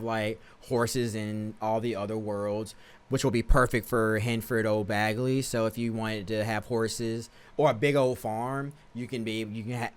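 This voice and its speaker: A man's voice: lowish voice, clean tone. A man streaming a life-sim game, giving casual, slangy commentary and often stopping to correct himself.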